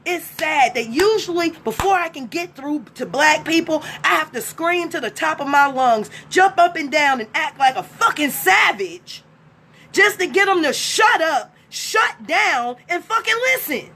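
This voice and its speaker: A woman on a live stream, delivering a blunt, profane rant that swings from emphatic talk to shouting. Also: high-pitched, lively intonation, unhurried. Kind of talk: profane ranting monologue.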